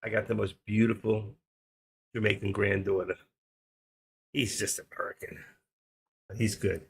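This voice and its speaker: Gravelly older New man. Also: fairly low pitch, level tone, a little slow. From New York. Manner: rambling, joking, thinking aloud. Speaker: stream host, trader. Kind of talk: casual live-stream chat.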